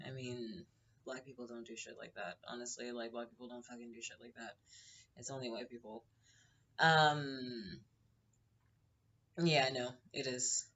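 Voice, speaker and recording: A woman's voice: rumbling low, a bit bright, lo-fi sound. A woman hosting her own show, retelling a story in a casual, heated and profane way, acting out the quotes. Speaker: podcast host.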